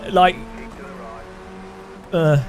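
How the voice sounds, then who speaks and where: A man's voice: high voice, steady tone, drawn-out words. A man chatting casually on a gaming stream, laughing and grumbling at the game. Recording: light music behind.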